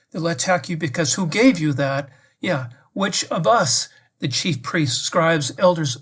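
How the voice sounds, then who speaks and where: A man's voice: a little high, a bit bright. Reflective man praying aloud to the Lord. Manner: addresses the Lord directly, reflective and questioning. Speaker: priest giving a meditation. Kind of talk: prayerful spoken meditation.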